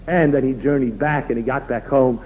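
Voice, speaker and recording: A man, a rabbi, giving an expressive sermon full of stories. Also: medium pitch, brisk, a little hiss or hum. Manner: storytelling, expressive, emphatic. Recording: tinny phone-line recording.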